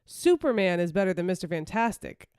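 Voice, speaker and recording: A woman co-hosting a casual podcast, opinionated and quick to mock. Her voice is smooth and clear. The sound is dry and close to the mic. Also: on the low side, very animated, darkish tone, no room sound. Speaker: podcast co-host. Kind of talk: casual chat.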